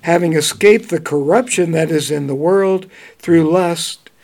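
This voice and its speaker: A man preaching a Bible study, reading verses slowly and then commenting in a relaxed, conversational way. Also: on the high side. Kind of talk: bible teaching.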